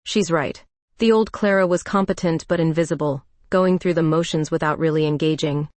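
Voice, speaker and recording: A woman narrating a first-person romance story in a calm, even storytelling voice. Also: low-pitched, moderate pace, dry recording.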